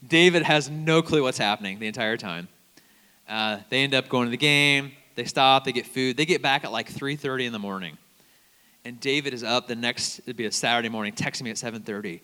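A man preaching a conversational sermon as a campus minister, telling stories in an animated way and quoting other people's words. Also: mid-range voice. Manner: conversational, animated storytelling with quoted voices. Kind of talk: sermon with storytelling. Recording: long hall reverb.

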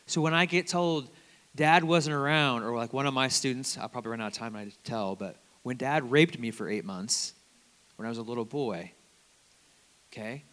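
Animated preacher man in a reverberant hall. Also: mid-range voice, moderate pace. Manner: animated storytelling, swings from loud to hushed. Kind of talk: sermon.

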